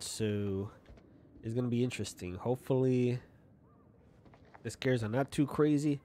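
A man's voice: mid-range voice, dark tone, slight background noise. A man with a mid-range voice talks casually over a video game. He is chatty and often trips over words while reading text aloud. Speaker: gaming YouTuber. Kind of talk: casual let's-play commentary. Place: small apartment at night.

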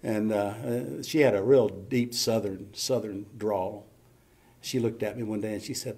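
Man, pastor, sermon, gravelly voice, folksy, emphatic, church. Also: fairly low pitch, normal speed. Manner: folksy preaching, building to loud emphatic peaks. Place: church sanctuary.

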